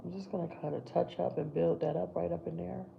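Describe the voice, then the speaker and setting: A woman's voice: fairly low pitch, fairly even intonation, fairly quick, creaky, muffled recording, a little hiss or hum. A woman hosting a casual makeup livestream, chatting to viewers as she works on her brows. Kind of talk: casual live makeup chat.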